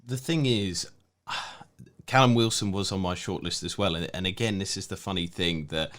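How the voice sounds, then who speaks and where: A man co-hosting a podcast in casual chat, chatty and quick to laugh. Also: sits low, fairly bright tone. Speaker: podcast co-host, football pundit.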